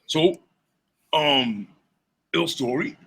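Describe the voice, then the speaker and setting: A man's voice: a little high, extremely slow, slight background noise, low-quality recording. A man in his forties, a rapper and DJ, telling stories in a casual interview, swearing freely and laughing between lines. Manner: profane, animated storyteller who laughs between lines.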